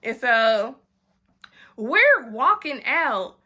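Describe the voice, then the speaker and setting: Young woman, high and bright, animated storytime vlogger. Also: muffled recording. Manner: animated, acts out friends' lines in quick quoted voices. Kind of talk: storytime vlog.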